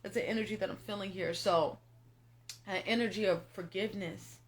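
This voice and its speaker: A young tarot reader with a mid-range, steady voice speaks fairly quickly in a casual spiritual monologue. Directly addressing her viewers, she is emphatic, repetitive and profane, tearful at moments.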